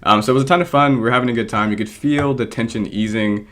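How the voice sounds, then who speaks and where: A man's voice: mid-range voice, fast talker, fairly bright tone. A man chatting casually while he plays a competitive game, rambling with lots of ums and laughing at himself. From born in England, raised American. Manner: rambling, frequent ums, self-deprecating laughs. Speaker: draft league coach and video creator. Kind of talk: casual gameplay commentary.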